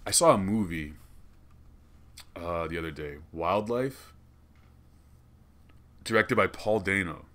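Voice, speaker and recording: A young man hosting a comedy podcast, rambling and cursing in an excitable way from a small studio. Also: low voice, takes it slowly, long pauses. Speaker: podcast host. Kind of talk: casual comedic podcast rant.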